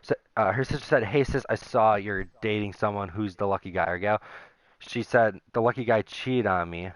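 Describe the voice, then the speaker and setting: A man's voice: fairly low pitch, moderate pace, no room sound. A young man venting casually to his viewers, rambling and aggrieved as he reads out old messages. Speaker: gaming YouTuber. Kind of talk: casual vent to camera.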